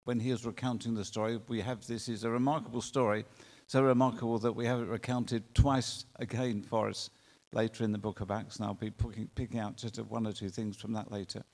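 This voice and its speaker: A male preacher delivering a sermon in an earnest way, with drawn-out emphatic phrasing and rhetorical questions. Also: lowish voice, flat delivery, darkish tone. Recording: long reverb of a large hall.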